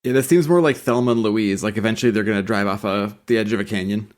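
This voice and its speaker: A man's voice: lowish voice, fast. A man co-hosting a podcast in casual chat, joking and acting out quoted lines. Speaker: podcast co-host.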